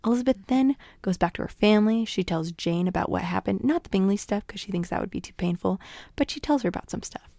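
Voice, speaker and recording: A woman's voice: mid-range voice, expressive, fast talker, creaky, warm tone, no echo, studio quality. A woman casually retelling a story in a chatty way, full of asides to listeners. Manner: chatty, full of "like" and "you guys".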